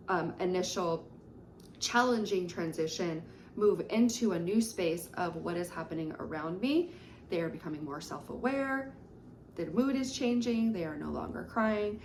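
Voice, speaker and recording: A woman's voice: on the low side, a little hiss or hum. A woman early childhood educator giving instructional talk in a conversational way. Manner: conversational, with frequent fillers. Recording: roomy echo.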